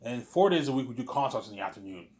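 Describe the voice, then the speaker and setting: A man's voice: mid-range voice, lively intonation, fast, darkish tone. A man talking casually in a rambling monologue, often saying "obviously" and pleading with emphasis. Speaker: host. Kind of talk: casual monologue, imagined film planning.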